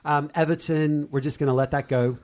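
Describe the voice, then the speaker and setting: A man hosting a casual sports podcast, pausing often with fillers and restarts. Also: fairly high pitch, steady tone, darkish tone. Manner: hesitant, many fillers and restarts. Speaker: podcast host.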